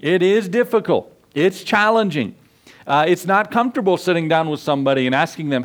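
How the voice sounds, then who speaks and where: A pastor delivers a sermon in an earnest, folksy manner, pitched somewhat high for a man. He asks his listeners questions, tells homespun stories and presses the point home. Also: expressive, fairly quick.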